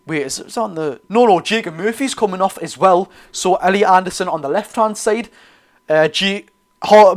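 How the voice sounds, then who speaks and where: Hosting a football watchalong, a young Geordie talks viewers through the live match in a relaxed, chatty style. He calls out to the lads and often corrects himself, his pitch sitting slightly above the typical male range.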